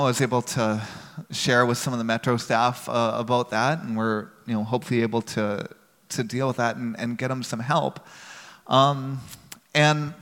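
A man's voice: medium pitch, fairly bright tone, big-room sound. A man earnestly telling a personal story to a church audience in a conversational way.

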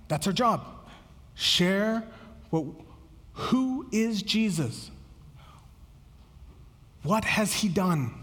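A man's voice: sits high, husky, big-room sound. A man preaching a sermon as pastor, earnest and conversational, often repeating words as he goes.

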